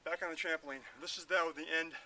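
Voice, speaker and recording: A man's voice: a little high, steady tone, fast, sharp tone. A man demonstrating a workout outdoors, chatty and self-mocking, talking through the exercises while out of breath. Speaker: fitness instructor. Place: outdoors at a house in the woods. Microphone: filmed by a camera operator.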